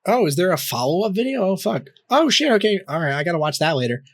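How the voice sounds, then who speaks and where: A man's voice: sits high, very animated, fast, no room sound. A young man co-hosting a podcast, telling a story in a rambling, casual way with lots of fillers, restarts and swearing. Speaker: podcast co-host.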